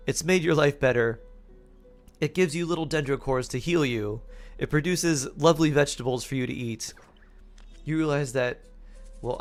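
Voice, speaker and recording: A man streaming live, improvising playful fortune-telling stories and laughing often. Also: medium pitch.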